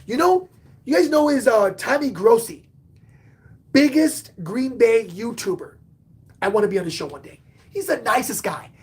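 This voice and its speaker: A man hosting a casual live-stream sports talk show, excitable, swinging between loud outbursts and muttered asides. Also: extremely high pitch, normal speed, long pauses. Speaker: podcast host and sports fan; bartender.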